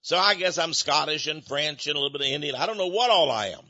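Folksy older man, high bright voice. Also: lively intonation, fast talker, no echo. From United States. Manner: folksy, rambling, chuckles between points. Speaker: speaker. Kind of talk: opinionated monologue. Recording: dull lo-fi dry recording.

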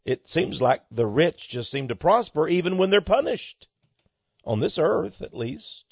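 A man giving emphatic, preaching-style commentary on the news, asking rhetorical questions and swinging between loud and soft. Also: a little high, very animated, measured pace, gravelly, slightly rough, dry recording. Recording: dull lo-fi dry recording.

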